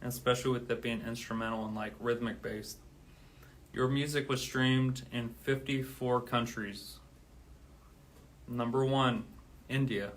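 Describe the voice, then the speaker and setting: Man, livestreaming musician, monotone delivery, a bit winded, faint hiss behind. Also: mid-range voice, measured pace, long pauses. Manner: steady counting, then grateful rambling. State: out of breath. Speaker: drummer streaming live. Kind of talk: casual livestream talk.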